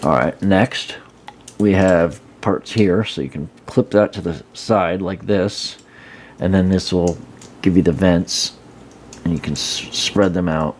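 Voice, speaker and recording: A man's voice: deep voice, slow pace, darkish tone, a little hiss or hum. A man casually showing and reviewing an action figure, rambling with fillers and restarts. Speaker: toy reviewer. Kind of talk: casual hands-on product review.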